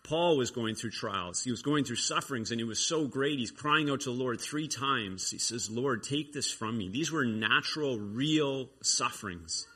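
Husky-voiced man preaching conversationally. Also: mid-range voice, expressive, moderate pace, hardly any pauses, sharp tone. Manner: conversational, restarts and reflects aloud. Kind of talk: informal sermon with scripture reading.

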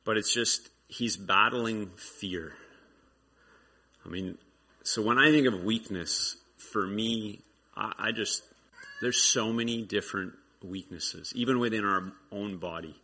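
A man's voice: lowish voice, takes it slowly, sharp tone, slightly rough. A man giving an informal sermon, reading scripture and reflecting aloud in a conversational way. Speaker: preacher.

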